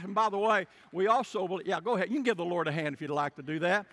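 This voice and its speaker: Pastor guy preaching, highish voice, goes loud then real quiet, churchy echo. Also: fast talker. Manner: storytelling, swings between booming and hushed. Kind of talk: sermon. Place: church sanctuary.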